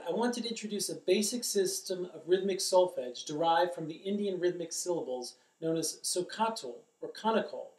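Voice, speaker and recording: A drum teacher in middle age explains carefully and chants rhythm syllables during an instructional demonstration. He has a high-pitched, darkish voice. The recording, made indoors in a drum studio, has an echoey room and a distant mic.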